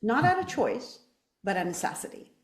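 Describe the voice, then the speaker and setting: A passionate woman running for office gives an interview answer in a roomy space, speaking emphatically and posing rhetorical questions. Her voice is fairly high and sing-song, at a moderate pace.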